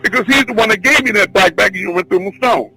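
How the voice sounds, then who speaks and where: A man teaching a spiritual class, telling a long personal story in an excited, rambling, repetitive way. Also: high voice, fast, low-quality recording. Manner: excitable, repetitive, restarts often. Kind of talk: rambling spoken testimony.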